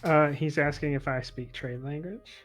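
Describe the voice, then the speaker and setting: Inquisitive male player, slightly high voice. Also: moderate pace. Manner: questioning, in character. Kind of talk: playing a tabletop game.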